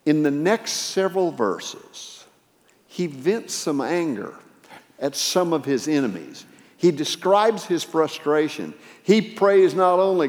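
Preacher in a reverberant hall. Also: male voice, sing-song, slow. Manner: dramatic retelling, dynamic pitch and volume swings. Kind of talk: sermon.

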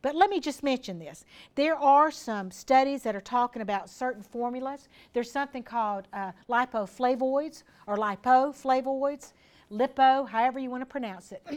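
A woman giving an informal health talk to a small group in a room, chatty and practical, speaking straight to her listeners. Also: on the high side.

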